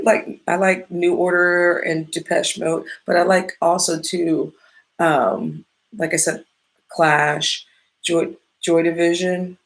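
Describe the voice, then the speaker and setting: A woman from the Midwest talks in a slow, unhurried drawl with a gravelly, fry-laden edge. She rambles through casual podcast chat, swears freely and keeps stalling mid-thought before picking the thread back up. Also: lowish voice, little pitch movement. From Midwestern United States. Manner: rambling, profane, often loses her train of thought. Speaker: podcast host.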